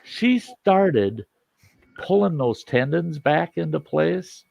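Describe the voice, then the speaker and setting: A man casually telling a rough personal anecdote, acting out what people said. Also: a little high, takes it slowly. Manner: animated anecdote with acted-out quotes. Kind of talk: casual storytelling.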